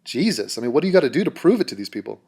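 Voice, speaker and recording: A man's voice: medium pitch, sing-song, rapid-fire, creaky, a little mellow, husky. A man delivering a mocking, sarcastic vlog rant straight to camera. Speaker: YouTuber.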